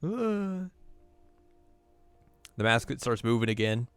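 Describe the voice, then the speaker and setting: A man's voice: on the low side, flat delivery, fairly quick, smooth, dry recording. A man co-hosting a podcast, casually recapping an anime episode and slipping into playful voices for the characters. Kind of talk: casual chat.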